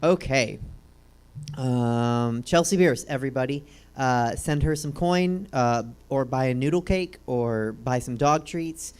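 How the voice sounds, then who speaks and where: A woman's voice: very deep voice, takes it slowly, darkish tone, smooth. A woman hosting a comedy talk show, joking in a dry way and introducing guests.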